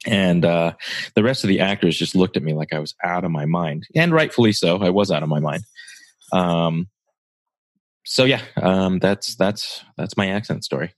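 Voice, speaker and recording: A man's voice: sits low, normal speed, dry recording. A man co-hosting a podcast, talking casually, laid-back and swearing as he tells stories. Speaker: podcast co-host. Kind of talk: casual chat.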